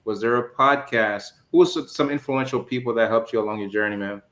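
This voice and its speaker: A man hosting an interview, asking casual, unhurried questions. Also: mid-range voice, fairly bright tone, echoey room. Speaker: host.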